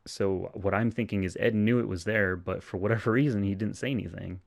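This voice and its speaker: A man with a very low voice talks through a film plot in loose, rambling podcast chat. He hesitates with frequent ums and restarts and laughs often. The sound is close and dry, with no room echo. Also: fairly even intonation, a little fast, gravelly. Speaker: podcast co-host recapping a film. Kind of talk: casual chat.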